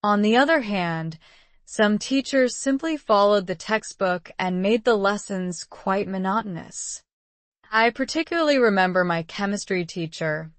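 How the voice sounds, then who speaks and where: A woman reading out model exam answers in an even, polished, measured way. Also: medium pitch, no room sound. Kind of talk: scripted reading of sample answers.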